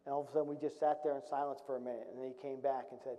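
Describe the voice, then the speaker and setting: A man's voice: medium pitch, little pitch movement, very fast, few pauses. A middle-aged man, a retired Marine officer, telling a serious story from his service in a storytelling talk, with wry, dry humor. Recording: dull recording with long hall reverb.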